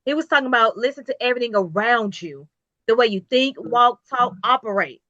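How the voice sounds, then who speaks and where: Bright, emphatic woman guest. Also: on the high side, animated, fairly quick, no room sound, muffled recording. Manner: emphatic, repetitive, preachy motivational. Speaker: business owner, interview guest. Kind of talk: casual interview talk.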